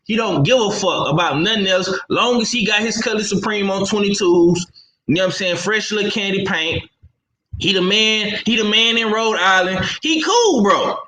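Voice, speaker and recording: A man's voice: high-pitched, moderate pace, sharp tone. A man on a panel talking bluntly and profanely in a heated casual chat, in an echoey room. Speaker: podcast panelist.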